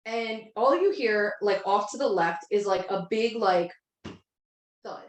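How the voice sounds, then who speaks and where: A woman's voice: mid-range voice, measured pace, a little hiss or hum. A woman in her thirties telling a long story in a casual, rambling way, full of filler words. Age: 30s. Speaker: podcast co-host. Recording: echoey room.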